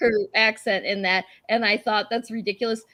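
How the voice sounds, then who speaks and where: A woman hosting a casual podcast chat, animated, swearing and tripping over her words. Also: medium pitch, brisk. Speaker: podcast host.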